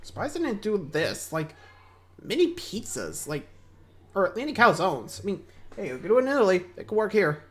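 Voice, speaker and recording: A man hosts a reaction, dropping chatty asides between clips. He talks in casual commentary, and his pitch bounces around a lot. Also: very animated, fairly bright tone. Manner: chatty, quick asides and interjections. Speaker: reaction host.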